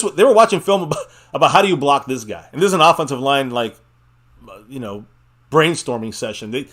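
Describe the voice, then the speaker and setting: A man's voice: medium pitch, a bit bright. Rambling man hosting a fan stream. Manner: loose, rambling, laughs often, swears casually. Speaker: live stream host. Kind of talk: casual sports chat.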